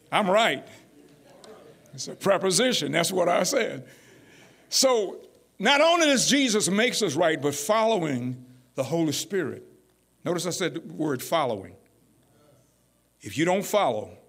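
A middle-aged man preaching a folksy, animated sermon as pastor. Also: a little high, husky. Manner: folksy, animated, rising to near-shouts.

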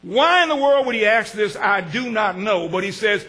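A man, preaching a sermon with call-and-response, swinging from shouts to hushed asides. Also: high voice, lively intonation, a little slow. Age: 60s. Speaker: pastor.

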